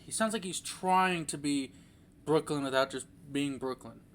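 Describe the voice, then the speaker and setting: A man's voice: on the high side, normal speed, very noisy. A young man giving a casual, rambling movie review, full of fillers and restarts.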